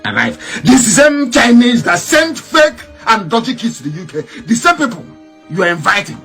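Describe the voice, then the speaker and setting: A man's voice: very high voice, very animated, moderate pace, bright, forceful tone, faint music behind. A man giving an impassioned political monologue as a broadcaster, scornful and mocking, firing off rhetorical questions.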